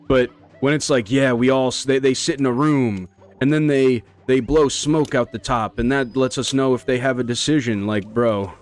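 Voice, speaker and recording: A man's voice: medium pitch, steady tone, normal speed, soft background music. A man chatting casually on a live stream while playing, rambling and slangy. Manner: rambling, slangy, laid-back. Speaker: speedrun streamer.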